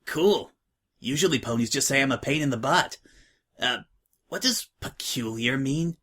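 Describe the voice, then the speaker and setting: A man's voice: medium pitch, expressive, moderate pace, a bit bright. A man voicing a tough, slangy young filly who talks bluntly and offhand. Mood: teasing. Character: brash, tough young filly, slangy orphan-home veteran.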